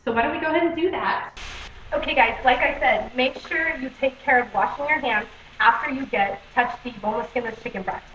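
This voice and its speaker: A woman's voice: sits high, a little fast, fairly bright tone, a little hiss or hum. A young adult woman hosting a casual home cooking demonstration in her kitchen, chatty and friendly, saying "okay?" and "guys" a lot. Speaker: cooking video host. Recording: echoey, dull home video recording.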